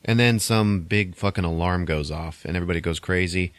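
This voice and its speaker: A man casually recapping a film's plot on a podcast, loose and wry, swearing and tossing in quick mock voices for the characters. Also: low voice, clear, resonant tone, dry recording. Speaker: podcast host recapping a film. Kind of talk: casual chat.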